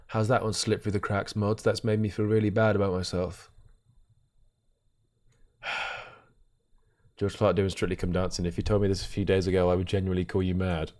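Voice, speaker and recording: Young man, live streamer, casual joking chat, laughs often, jumps in pitch, streaming mic. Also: steady tone, unhurried, long pauses.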